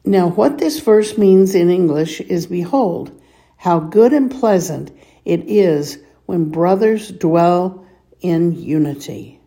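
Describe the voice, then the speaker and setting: Female teacher, unhurried drill-style delivery, low mellow voice, patient. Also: lively intonation. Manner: patient, clears throat often, sounds words out slowly. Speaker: Hebrew reading teacher. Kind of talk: slow reading lesson with repeat-after-me drills.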